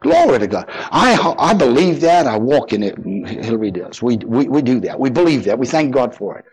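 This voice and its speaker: A man's voice: medium pitch, expressive, brisk, breathy edge, rough recording. A man preaching a sermon as pastor, fervent and emphatic, often repeating his phrases.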